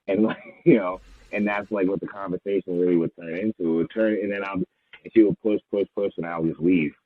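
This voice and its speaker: Deep-voiced man on a tinny line. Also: fairly even intonation. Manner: halting, with many fillers, quoting his mother. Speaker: podcast co-host. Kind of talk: casual podcast chat. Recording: tinny phone-like sound.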